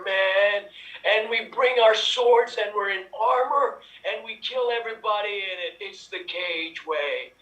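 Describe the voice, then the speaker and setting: Bright energetic man in an echoey room. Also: high voice, measured pace, distant mic. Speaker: improv performer. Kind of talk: telling one-line joke setups. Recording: echoey room, away from mic.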